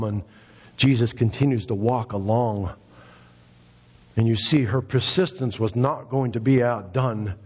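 A man preaches to his congregation with a husky, slightly breathy voice. He grows impassioned and climbs in pitch to stress his points. The recording is dull, with a long reverb trailing through the sanctuary. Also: measured pace, long pauses, darkish tone. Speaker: pastor. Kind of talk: sermon. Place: church sanctuary.

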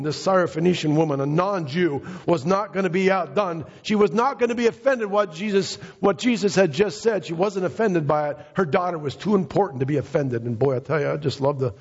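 Husky-voiced man preaching in a church. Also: in a large hall, lo-fi sound. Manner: impassioned preaching, rising in pitch for emphasis. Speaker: pastor. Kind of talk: sermon. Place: church sanctuary.

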